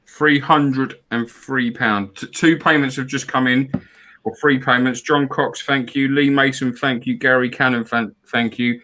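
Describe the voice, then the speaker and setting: A man's voice: medium pitch, fairly even intonation, measured pace, pushed and bright. A man co-hosting a casual live fan stream, chatting about football and reading out donations. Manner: chatty, repeats words, reads out donors. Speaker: fan show co-host.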